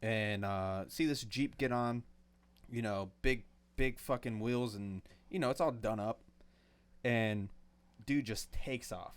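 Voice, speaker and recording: A man co-hosting a casual podcast chat, telling driving stories in an animated way and swearing freely. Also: on the low side, slow pace, smooth. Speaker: podcast co-host.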